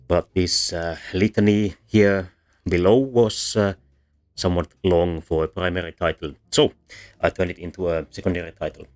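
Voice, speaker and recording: Deep-voiced guy giving a chill phonetics stream lecture, lots of ums, soft music under it. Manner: explains patiently with many ums and uhs, demonstrates vowel sounds. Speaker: VTuber linguistics presenter. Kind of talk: livestreamed lecture.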